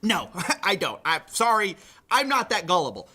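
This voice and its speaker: A man's voice: sits high, wildly swooping pitch, moderate pace, pushed and bright, husky. A man hosting a commentary show, reading out reports and quotes with sardonic asides. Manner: sardonic, reads quotes aloud. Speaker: commentary host.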